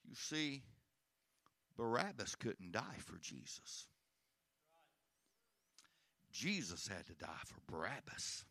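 Man preaching, slow and deliberate with a bright edge, dry close sound, drops to a hush then climbs to a shout. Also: fairly low pitch, very animated, gravelly, no echo. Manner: swings from hushed to shouted, repeats words. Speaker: pastor. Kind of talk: sermon.

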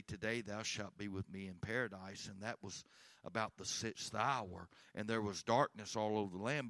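Preacher, hushed to shouting. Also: male voice, on the low side, dry recording, clean studio sound. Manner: swings from hushed to shouted, repeats words. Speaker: pastor. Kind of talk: sermon.

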